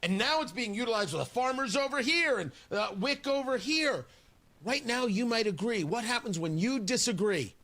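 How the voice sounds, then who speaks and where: Talk radio guy, high bright voice, bounces all over, sarcastic and fired up. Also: lively intonation, moderate pace. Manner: indignant, sarcastic, emphatic. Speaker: radio talk show host. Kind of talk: opinionated talk radio monologue. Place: radio studio. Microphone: studio microphone.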